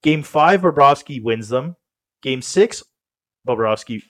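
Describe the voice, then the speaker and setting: A man co-hosts a laid-back sports podcast, rambling along with lots of fillers and restarts. His mid-range voice is expressive and his pace measured.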